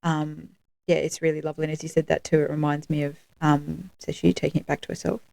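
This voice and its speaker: A woman co-hosts a podcast, chatting casually with plenty of fillers and laughing easily. Her deep voice is level, creaky, and mellow, and she talks fast in a dry recording.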